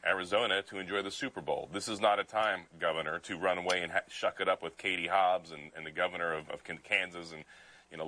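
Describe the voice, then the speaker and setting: Deep-voiced fired-up man from Pennsylvania. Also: pushed and bright, poor audio. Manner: fired-up, indignant, many restarts. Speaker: state legislator. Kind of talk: remote news interview.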